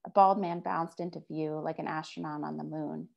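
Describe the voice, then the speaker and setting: Woman reading with a gravelly fry. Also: low-pitched, fairly even intonation, muffled recording. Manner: measured first-person reading. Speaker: author. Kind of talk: reading her fiction aloud.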